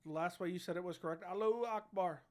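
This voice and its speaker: Very fast and monotone, this young man's high voice carries his casual livestream. Using a studio dynamic mic, he brashly reads chat and banters with slang and profanity.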